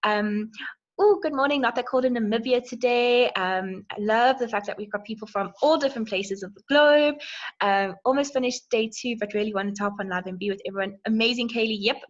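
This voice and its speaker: A woman's voice: a little high, brisk, highs cut off. Bubbly woman hosting a live stream. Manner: bubbly, greets viewers by name. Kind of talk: casual live stream chat. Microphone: phone.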